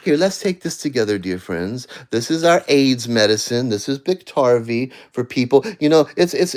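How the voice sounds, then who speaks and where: A man ranting on a livestream from home, addressing absent people, swinging between heated shouting and low, tired muttering. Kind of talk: angry livestream rant. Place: at home, seated.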